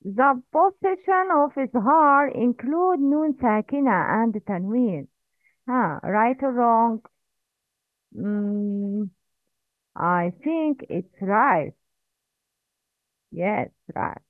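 A woman teaches recitation, sounding each word out slowly and stopping to correct mistakes. Her voice sits a bit high and moves up and down a lot. The sound is tinny and dry, like a phone line. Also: expressive, dry recording. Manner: slow, drilling repetition with corrections. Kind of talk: recorded language lesson.

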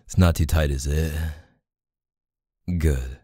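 A man in a whispered role-play as a teasing, playful, dominant boyfriend, speaking softly into a close mic. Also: extremely low pitch, slow, no room sound.

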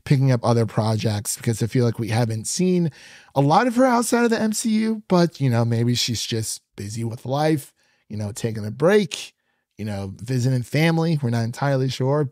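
A man's voice: medium pitch, a little mellow, no room sound, clean studio sound. Chatty man hosting a podcast. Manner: chatty, laughs often, loose and rambling. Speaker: podcast co-host. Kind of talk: casual review chat.

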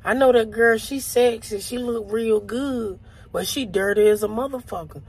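A man voicing a streetwise male cockroach who talks in a gruff, profane, bargaining way. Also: high-pitched, moderate pace. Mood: gossipy. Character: streetwise talking male cockroach, bossy and blunt.

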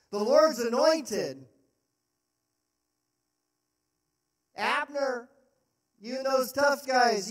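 A man voicing a bold young male warrior who taunts and shouts in a mocking way. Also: extremely high pitch, pitched above the performer's own voice, exaggerated voice. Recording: roomy sound from a distant mic.

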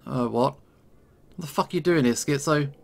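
A man voicing a small, standoffish young bat in a visual novel, gruff and hostile. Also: mid-range voice, moderate pace.

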